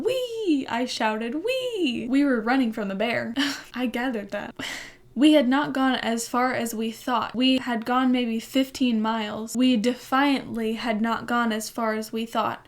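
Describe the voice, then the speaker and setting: A young woman in her twenties reading her childhood diary aloud, breaking in with wry, laughing asides. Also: a little high. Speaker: author and vlogger.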